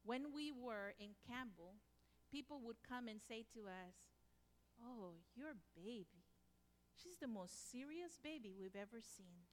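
A woman preaching a sermon with personal stories, her delivery swinging from loud to hushed. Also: fairly high pitch, lively intonation, a little slow. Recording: long hall reverb.

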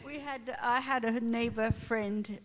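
A woman giving a short testimony at a church meeting in a slow, plain account. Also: fairly high pitch, fairly even intonation. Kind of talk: telling a testimony. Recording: long reverb of a church hall.

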